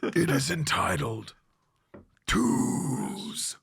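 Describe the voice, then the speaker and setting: A man putting on a death-metal singer's growled, breathy stage voice while announcing songs to a crowd. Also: fairly high pitch, lively intonation, drawn-out words, a bit bright, pitched above the performer's own voice, exaggerated voice. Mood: growling. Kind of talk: imitated stage banter.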